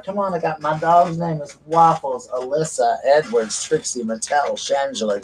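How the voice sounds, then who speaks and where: A man's voice: a little high, normal speed, few pauses, slight background noise, poor audio. A man with a Southern US accent hosts a casual live stream from home, chatting and gushing as he greets viewers by name. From South Carolina, US.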